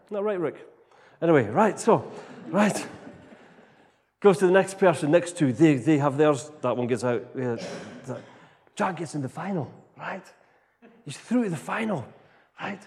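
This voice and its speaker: A middle-aged man preaching a storytelling sermon, animated, tagging his sentences with "right?". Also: fairly high pitch, normal speed. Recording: long reverb of a large hall.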